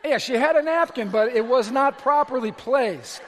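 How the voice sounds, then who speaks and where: Middle-aged male pastor, high tenor, animated sermon storyteller, reverberant hall sound. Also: moderate pace, some chatter behind, slight background noise. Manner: animated storytelling with shouted asides. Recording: echoey hall recording.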